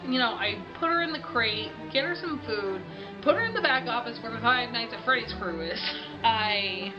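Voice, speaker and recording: A woman's voice: fairly high pitch, poor audio. A woman vlogger telling a story in a rambling, chatty way, sounding sniffly and tired. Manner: rambling, chatty, with many fillers. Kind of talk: casual storytelling vlog.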